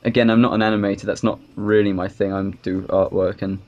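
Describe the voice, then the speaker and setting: A man's voice: lowish voice, level tone, fast talker, darkish tone, muffled recording. Easygoing man laughing through a review. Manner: easygoing, laughs often, agreeable. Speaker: co-host of an animation review show. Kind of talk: casual reaction commentary.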